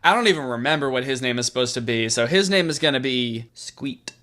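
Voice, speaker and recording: A man's voice: mid-range voice, lively intonation, a little fast, bright, forceful tone. A man, a YouTuber, riffing sarcastically through comedic commentary on a story game. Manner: sarcastic, riffing, puts on silly voices.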